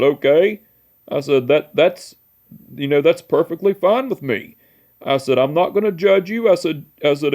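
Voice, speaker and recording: Speaking in a slightly high, slightly mellow voice, a young man in his twenties rambles through an emotional story for his memorial vlog. "I said" and "you know" come up again and again as he speaks from the heart.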